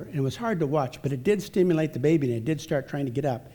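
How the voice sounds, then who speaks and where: Male speaker, slightly high, mellow voice; folksy, self-mocking storyteller at a church talk. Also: animated, fast talker, few pauses. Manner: folksy, self-deprecating, chatty. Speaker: speaker at a church family event. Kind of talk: humorous anecdotal storytelling with scripture.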